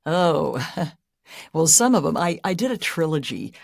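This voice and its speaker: Animated woman narrator, lively pitch. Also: a little slow, creaky, no echo, clean studio sound. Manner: animated storyteller, laughs often, voice jumps up for emphasis. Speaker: airline pilot and audiobook narrator, guest. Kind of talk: casual interview chat.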